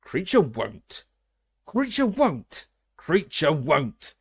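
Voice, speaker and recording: A man doing a wretched, stubborn male house elf in a storybook reading. The croaking voice sits high and strained and chants its refusals slowly and loudly. It sounds spiteful and desperate. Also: huge pitch swings, dry recording, clean studio sound, exaggerated voice. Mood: stubborn, wailing.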